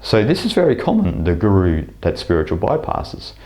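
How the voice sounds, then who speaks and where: A man's voice: deep voice, wildly swooping pitch, moderate pace, a little mellow. A man giving a reflective spoken talk on spirituality, with frequent fillers and restarts. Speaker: spiritual teacher. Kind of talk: spoken lecture to camera.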